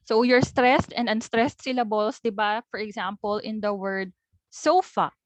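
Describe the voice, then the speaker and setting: Filipino-accented young woman, teacher's lesson read, higher voice, dry close recording. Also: normal speed, no echo. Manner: explains step by step, mixing in local words.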